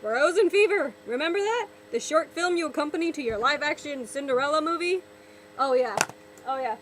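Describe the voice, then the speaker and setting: A woman's voice: high-pitched, lively intonation, a little fast, fairly bright tone, slight background noise, poor audio. A young woman vlogger ranting sarcastically, exasperated, often repeating and restarting her words. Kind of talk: ranting vlog commentary.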